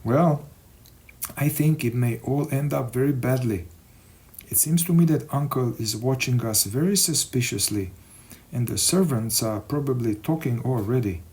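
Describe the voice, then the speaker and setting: A cautious young man in love, tender and a little nervous, coaxing his sweetheart, as the male narrator voices him. His voice stays soft and pleading, close to a plain reading voice. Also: mid-range voice, normal speed, close to an everyday voice.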